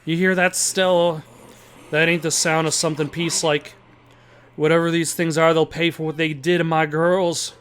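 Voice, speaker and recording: A man's voice: fairly high pitch, level tone, moderate pace, fairly bright tone, a little hiss or hum, natural voice. A man voicing an angry, protective middle-aged male farmer with a put-on Southern accent and a blustering drawl. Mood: vengeful.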